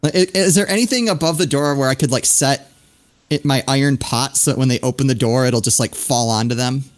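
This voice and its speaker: A man's voice: medium pitch, fairly quick. A man playing a tabletop game, eager and hesitant, with fillers. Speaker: player. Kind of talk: casual tabletop game chat.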